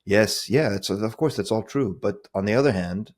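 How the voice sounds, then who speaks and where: A man's voice: on the low side, normal speed. A man co-hosting a discussion podcast over a remote call, arguing his points emphatically. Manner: emphatic, argumentative. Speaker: podcast co-host. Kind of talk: casual discussion.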